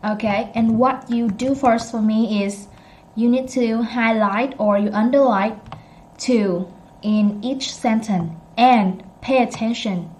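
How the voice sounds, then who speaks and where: A woman teaching an English pronunciation lesson, repeating phrases slowly and correcting herself as she goes. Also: a little high, a little mellow, poor audio.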